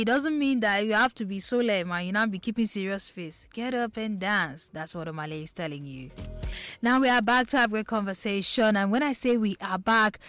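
A woman's voice: on the high side, fairly bright tone, no room sound. Bubbly young Nigerian radio host woman. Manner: bubbly, playful, hyping up guests. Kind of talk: lively radio show chat. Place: radio studio.

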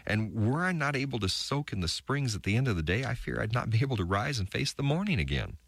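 A man voicing the weary, bitter wife of an ark builder, reading her diary entries with halting, stammered restarts. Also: medium pitch, expressive, gravelly, breathy edge, dry recording. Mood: exhausted.

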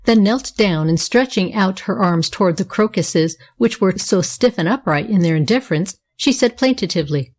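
A woman's voice: mid-range voice, expressive, moderate pace, few pauses, a little mellow. Woman reading a storybook aloud. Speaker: narrator. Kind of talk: storybook narration.

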